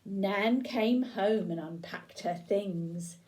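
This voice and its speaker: A woman's voice: medium pitch, takes it slowly, a little mellow, slight background noise, low-quality recording. An older woman reading a picture book aloud to children, asking them questions and pointing at the pictures. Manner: interactive, asks listeners questions and points at pictures. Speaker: storyteller grandmother.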